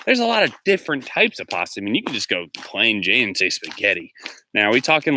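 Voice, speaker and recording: Male vlogger, bright and forward, rambling chatter on a phone in the woods with faint noise behind. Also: on the low side, sing-song, brisk. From Pennsylvania. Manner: rambling, chatty, reads out viewer comments. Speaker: teacher and vlogger. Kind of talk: live-stream walking vlog. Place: outdoors, walking in the woods.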